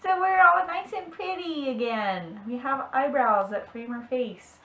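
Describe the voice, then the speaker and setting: A woman's voice: high voice, measured pace, narrow, tinny audio. A young woman hosting a casual beauty vlog, bubbly and giggly. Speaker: beauty vlogger. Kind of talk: casual chat. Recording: echoey room, faint noise.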